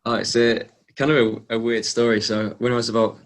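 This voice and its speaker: A young man from England, a guest athlete telling stories in a relaxed, casual interview with frequent ums and restarts. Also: medium pitch, brisk. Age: young adult.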